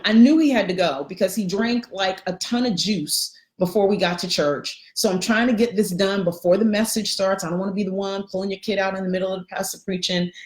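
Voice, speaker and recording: A middle-aged woman giving an animated live coaching talk, greeting viewers by name. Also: medium pitch, echoey room. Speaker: life coach.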